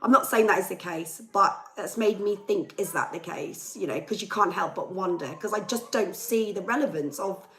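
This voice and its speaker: A young woman, a livestream host and singer, chats casually with viewers, ranting and reading their comments aloud in a chesty, worn voice. Her pitch is medium, she speaks at normal speed with hardly any pauses, and the tone is a bit bright on a low-quality recording.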